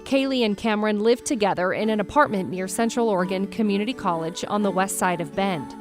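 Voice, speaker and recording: A woman host giving measured, scripted true-crime narration. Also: mid-range voice. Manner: measured, storytelling delivery. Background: background music.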